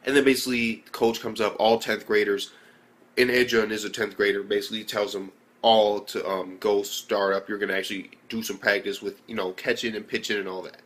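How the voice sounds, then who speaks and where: A man's voice: on the low side, little pitch movement, fairly quick, a bit bright. Young guy doing a chill anime review, swears a lot, keeps saying basically and like. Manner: loose, profane, rambling with many fillers. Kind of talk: casual video review.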